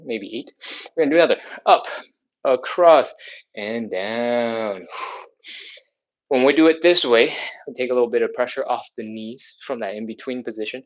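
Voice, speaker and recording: A man's voice: mid-range voice, lo-fi sound. A man leading a live stretching class, coaching upbeat and checking in with "all right?" as he explains each move. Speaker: fitness instructor.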